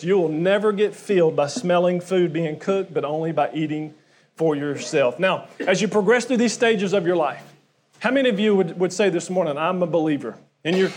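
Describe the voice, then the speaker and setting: A man's voice: high voice, a little mellow. A middle-aged man preaching a sermon to his congregation in a conversational way, often asking them questions. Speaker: pastor.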